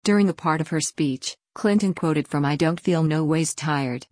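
A woman reading a news article aloud in a steady, scripted way. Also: low-pitched, normal speed, no room sound. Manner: even, read-aloud delivery. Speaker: news reader.

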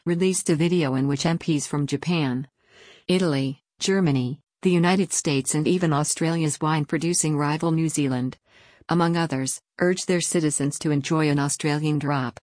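A woman reading a news article aloud in an even, measured way. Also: low-pitched, no echo, clean studio sound. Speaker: news reader.

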